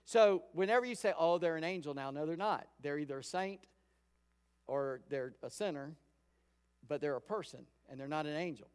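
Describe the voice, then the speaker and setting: A pastor giving a sermon in a conversational storytelling way, acting out quoted lines. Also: male voice, fairly high pitch, normal speed, clean tone. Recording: long hall reverb.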